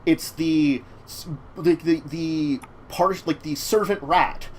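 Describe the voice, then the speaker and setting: A man's voice: fairly high pitch, slow, slight background noise. A man hosting a casual chat show about tabletop games, talking in a rambling way. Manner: rambling, many fillers and restarts. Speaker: talk show host.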